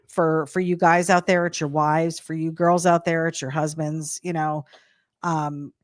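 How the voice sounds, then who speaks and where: Low-voiced woman co-hosting a chat. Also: flat delivery, measured pace, dry recording. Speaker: co-host. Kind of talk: casual chat.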